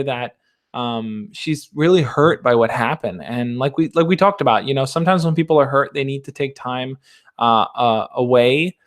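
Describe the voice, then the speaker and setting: A young man hosting a livestream, reading out viewer questions and answering them in a relaxed, reassuring way. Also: medium pitch. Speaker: dating advice host. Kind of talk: casual livestream chat.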